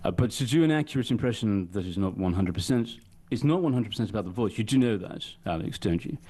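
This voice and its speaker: A man impersonating an erudite, grandiloquent older British intellectual with slow, ornate, pompous phrasing. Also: on the low side, animated, dark tone.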